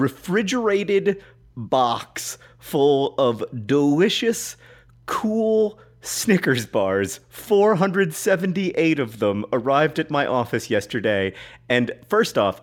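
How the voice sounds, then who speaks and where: A man co-hosting a comedy podcast in casual chat, wry and dryly joking. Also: medium pitch. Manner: wry, dryly joking, breaks into helpless laughter. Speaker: podcast co-host.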